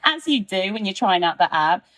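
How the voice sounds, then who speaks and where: A woman's voice: mid-range voice, very animated, a little fast, fairly bright tone. Chatty woman in her twenties, laughing often. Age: 20s. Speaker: podcast guest. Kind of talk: casual chat.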